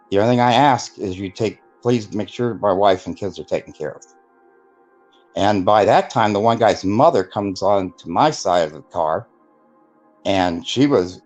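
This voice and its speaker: A man with a lowish, slightly mellow voice tells his life story as a guest sharing his testimony in a casual interview. He rambles, uses lots of fillers, and acts out the voices of people he quotes.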